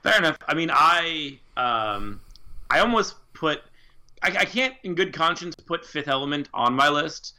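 Bright-voiced man, sweary and enthusiastic. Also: fairly high pitch, expressive, measured pace. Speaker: podcast co-host. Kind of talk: casual chat.

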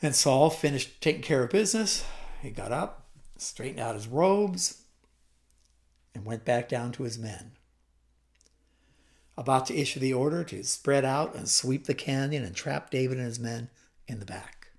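Man, preacher, dramatic sermon storytelling, vivid, hushed suspense. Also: medium pitch, lively intonation. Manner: vivid, slows to a hush for suspense.

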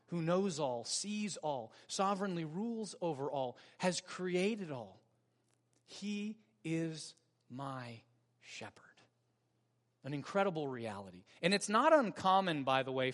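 A male pastor delivering a sermon with a slightly high voice. He preaches earnestly and stresses his points, stretching key words slowly. A long reverb from the church hall trails after each phrase. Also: fairly bright tone. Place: church sanctuary.

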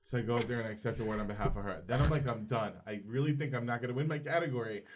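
A man's voice: medium pitch, rapid-fire, background noise. Male podcast guest, mid-range voice, loose rambling storyteller. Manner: animated anecdotes, acts out quotes. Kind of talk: casual storytelling chat.

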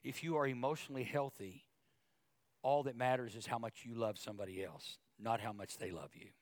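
A male pastor preaching a sermon, talking conversationally with asides and repeated words, then rising in pitch and volume as he gets emotional. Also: fairly quick, no room sound. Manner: emotional, grows louder and higher when preaching.

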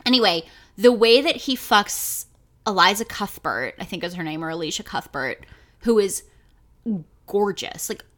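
A young woman co-hosting a podcast, chatting in an animated, profane, joking way and slipping into silly voices. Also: mid-range voice, moderate pace. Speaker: podcast co-host. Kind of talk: casual comedic chat.

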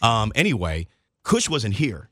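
Man, host, playful banter, lively pitch, dry recording. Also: measured pace, dry recording. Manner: jokey, animated storytelling. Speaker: podcast host. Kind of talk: casual chat.

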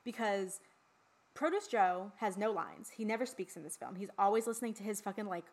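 A woman's voice: medium pitch, animated, a little fast. Chatty woman podcast co-host. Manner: chatty, swears freely, lots of fillers. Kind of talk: casual chat about a horror film.

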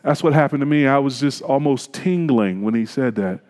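A pastor preaching a sermon, telling a personal story in a conversational, reflective way. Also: male voice, mid-range voice, lively intonation, moderate pace, a little mellow, long reverb tail.

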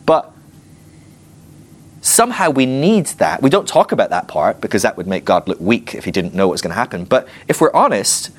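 A man teaching a Bible class in a playful, animated way, acting out little scenes with humor. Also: fairly low pitch, moderate pace.

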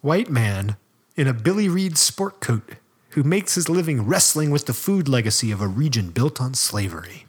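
This is a man co-hosting a chatty podcast, his voice sitting at an ordinary middle pitch. He reads through a written profile but keeps breaking off with dry, joking asides to his co-host. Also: animated, moderate pace, breathy edge. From American South. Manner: reads aloud with asides and laughs. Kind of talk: casual podcast banter.

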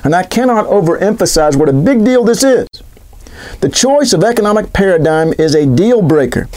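Brief: male political commentator, high voice, sarcastic and animated. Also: normal speed. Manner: sarcastic, animated, rhetorical questions.

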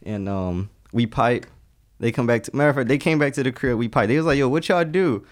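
A man's voice: mid-range voice, quick pace. A young man, a guest telling rambling, profane stories and acting out the dialogue. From Detroit, US. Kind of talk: casual chat.

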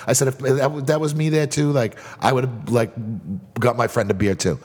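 A man's voice: medium pitch, expressive, big-room sound. A man telling a long rambling story in a casual chat, swearing often. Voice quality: fast, profane, rambling.

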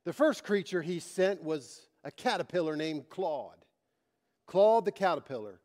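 A man's voice: a little high, lively intonation, measured pace, darkish tone. A man preaching a sermon, repeating his phrases with emphasis and telling a story to make his point. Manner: emphatic, repetitive preaching cadence.

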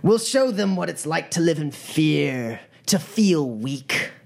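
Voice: mid-range voice, very animated, gravelly, voice pushed up, exaggerated voice. A game master voicing a masked gang boss. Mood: preaching. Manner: slow, sermon-like menace. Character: masked male gang leader, ruthless and preaching.

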